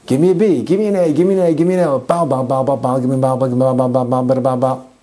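A man voicing a crowd of idol priests chanting loudly and rhythmically like cheerleaders. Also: medium pitch, fairly even intonation, racing, lightly acted. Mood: frantic chanting.

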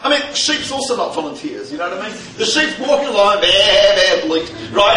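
A man giving a humorous lecture to a live audience, animated and firing rhetorical questions at the room. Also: extremely high pitch, brisk, few pauses, a crowd in the background. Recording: echoey hall, distant mic, faint noise.

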